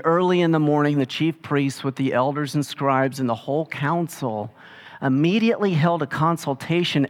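A man preaching a sermon in a relaxed, conversational way, retelling scripture in everyday speech. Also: fairly high pitch. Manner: casual storytelling, paraphrasing scripture in everyday speech. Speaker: pastor.

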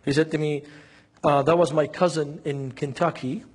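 A man's voice: on the high side, steady tone, normal speed, breathy edge. A man preaching a sermon. He tells stories and asks the congregation questions in an earnest way. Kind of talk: sermon with storytelling.

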